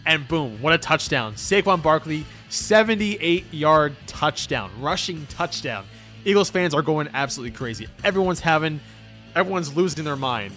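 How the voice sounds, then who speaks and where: Excitable young man recapping a game. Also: fairly high pitch. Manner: excitable, swings from loud calls to mumbled asides. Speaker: host. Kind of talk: casual play-by-play recap.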